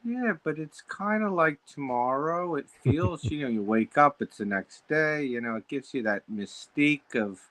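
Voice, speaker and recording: A man's voice: on the high side, expressive, normal speed, few pauses, fairly bright tone. A male cartoonist in casual chat, rambling and giggling through absurd jokes. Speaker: cartoonist, co-host.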